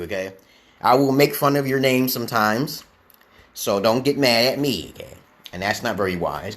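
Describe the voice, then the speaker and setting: A man's voice: lowish voice, fairly bright tone. A man streaming casually as an online English teacher, who rambles and lectures, tags his sentences with "okay?" and answers viewer comments.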